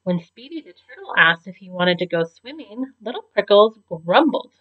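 Woman teacher, picture-book read-aloud, lively pitch, muffled lo-fi sound. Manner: slow, expressive storytelling.

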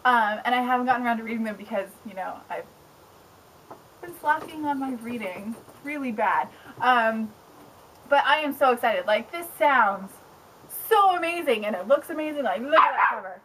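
A young woman book blogger chatting casually on camera at home, excitable and rambling, with lots of "like". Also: fairly high pitch, normal speed, a little hiss or hum, rough recording. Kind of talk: casual vlog chat. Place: home with pets around.

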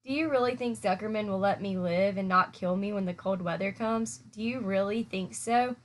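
A young male pig who pleads and worries aloud, as a woman reading a storybook aloud puts him on. His questions come anxious and a little plaintive. The voice keeps a woman's middle pitch. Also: moderate pace, close to an everyday voice. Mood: pleading.

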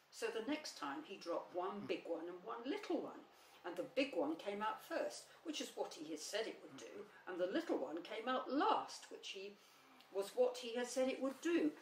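A woman reading a children's story aloud in a gentle, unhurried storytelling manner. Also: mid-range voice. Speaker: storybook reader. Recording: roomy, slightly distant, faint hum.

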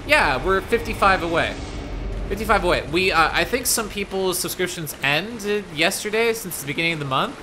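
A young man chatting to his viewers and reacting loudly while he streams a game, with frequent panicky outbursts. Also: fairly high pitch, lively intonation, fairly quick, background noise. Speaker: gaming streamer. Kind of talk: live gameplay commentary. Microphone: desk microphone.

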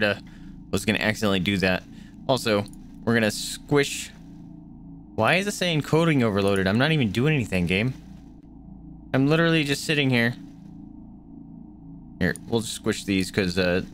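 A man's voice: lowish voice, fairly bright tone, a little hiss or hum. Chatty man streaming a game. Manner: chatty, reacting aloud to the game. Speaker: gaming streamer. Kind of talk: casual let's-play commentary. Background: faint game music.

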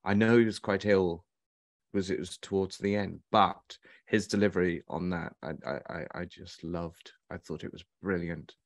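A man's voice: deep voice, steady tone, normal speed, no echo. A man, a writer and actor, chatting as an interview guest and telling stories with animation and chuckles. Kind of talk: casual chat on a video call.

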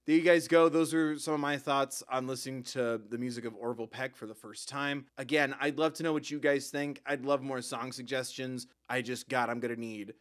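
A man's voice: medium pitch, fairly even intonation, a little fast, few pauses. A young man hosting a casual reaction video, emotional and openly moved, swearing often and laughing between his words.

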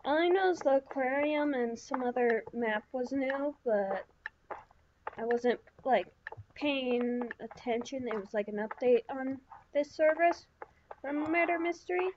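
High-voiced woman rambling through gameplay. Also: measured pace, highs cut off, noisy background. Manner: rambling, chatty self-talk with many fillers. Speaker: gaming channel host. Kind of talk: let's-play commentary.

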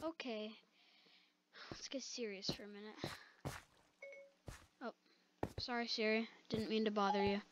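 A young woman gamer giving excitable, jokey live commentary and talking to her viewers as she plays. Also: mid-range voice, unhurried, long pauses, highs cut off, background noise.

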